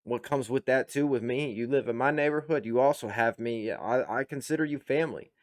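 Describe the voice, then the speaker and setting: A man's voice: mid-range voice, brisk. A man hosting a reaction video, talking bluntly and with lots of profanity in casual commentary.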